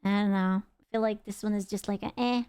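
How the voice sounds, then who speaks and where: A woman's voice: mid-range voice, steady tone, fairly quick, a little mellow, clear, resonant tone, no room sound. A young woman streamer reacting to videos in casual, blunt, rambling chat.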